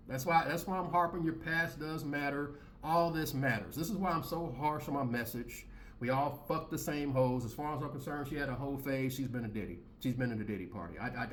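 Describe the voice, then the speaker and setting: A man's voice: medium pitch, a little hiss or hum. A man in his thirties hosting his own commentary channel, talking in a blunt, heated, slangy rant and repeating his points.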